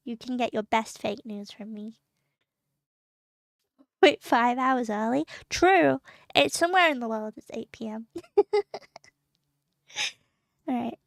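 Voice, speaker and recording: Young female streamer, bubbly and emotional; high voice with some fry, dry close sound. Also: slow, pauses often, no echo. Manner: giggly, excitable, emotional. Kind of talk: casual live-stream chat.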